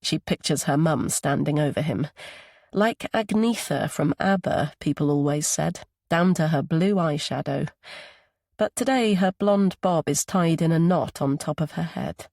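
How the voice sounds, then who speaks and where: A woman's voice: deep voice, measured pace, creaky, darkish tone, no room sound, clean studio sound. A woman narrating a psychological thriller audiobook, giving each character its own voice.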